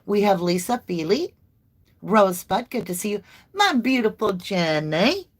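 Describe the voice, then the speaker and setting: A woman's voice: mid-range voice, sing-song, measured pace. A woman, hosting a casual livestream tarot reading in a chatty, folksy way and addressing viewers as y'all. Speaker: tarot reader livestream host.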